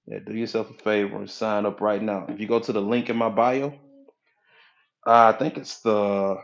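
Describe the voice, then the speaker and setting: A man coaching on a live stream, greeting viewers by name, repeating his points and pitching his community in a casual way. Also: fairly even intonation, moderate pace, gravelly, dull audio.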